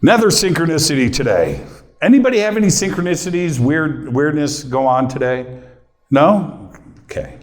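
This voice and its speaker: A man's voice: on the high side, very animated, normal speed. A middle-aged male host talking casually and personally to a live audience, choked up and near tears, chatting with the crowd. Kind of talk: casual emotional talk to a room.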